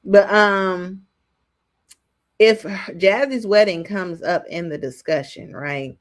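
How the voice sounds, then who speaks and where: A woman's voice: mid-range voice, slow pace. A woman hosting a casual reality TV commentary, rambling with frequent ums and restarts.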